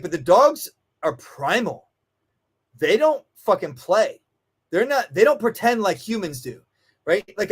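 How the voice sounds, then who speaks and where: A man's voice: high-pitched, slightly rough. A man, a dog trainer and guest, telling stories in a casual, emphatic way with frequent swearing, acting out the voices he quotes. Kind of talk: animated storytelling in casual conversation.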